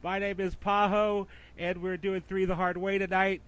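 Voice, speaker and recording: A man's voice: high-pitched, flat delivery, moderate pace, fairly bright tone, clear, resonant tone. A man hosting a casual fantasy football podcast, rambling with many fillers. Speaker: podcast host.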